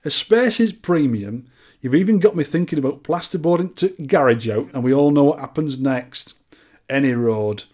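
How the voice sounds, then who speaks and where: A man's voice: medium pitch, animated, moderate pace, a little mellow, lightly acted. A man voicing an elderly Yorkshire pensioner in his eighties, reading out a fan letter in a drawling, folksy way. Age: 80s.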